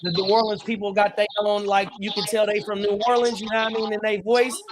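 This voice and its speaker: A man co-hosting a sports podcast, telling stories with slang and shout-outs in casual chat. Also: high-pitched, flat delivery, fast talker, crowd noise. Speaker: podcast co-host.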